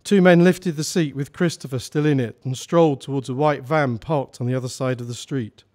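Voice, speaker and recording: Man reading a story out at a salon event, steady and measured, middle pitch.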